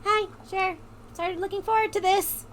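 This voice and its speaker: A woman's voice: extremely high pitch, steady tone, moderate pace, fairly bright tone, a little hiss or hum, pitched above the performer's own voice. A woman voicing a cheerful, eager young hostess from a video game, reading the dialogue aloud.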